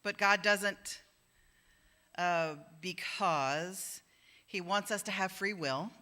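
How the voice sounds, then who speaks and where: Woman minister giving a sermon, bright voice, chatty, does little voices for quotes. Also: mid-range voice, takes it slowly. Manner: conversational, acts out quoted voices. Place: church sanctuary.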